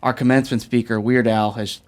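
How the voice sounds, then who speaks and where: A man's voice: medium pitch, level tone, fairly quick. A man in casual podcast banter, setting up playful hypothetical questions for the others.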